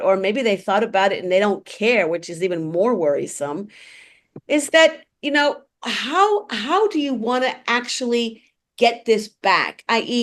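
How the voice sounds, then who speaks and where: A woman with a fairly high, lively voice talks politics on a casual chat show. She is blunt and animated and often restarts her sentences. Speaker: co-host.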